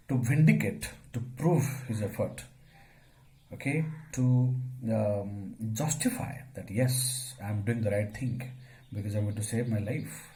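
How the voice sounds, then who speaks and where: A man, teaching a story as a lecture. He asks questions and answers them himself, using many fillers, and his voice gets suddenly louder at times. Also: on the low side, poor audio.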